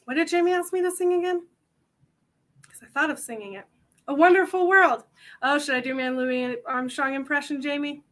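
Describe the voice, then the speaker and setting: A woman's voice: sits high, normal speed, fairly bright tone. A young woman hosting a convention panel, chatting casually to the audience in a rambling, self-mocking way.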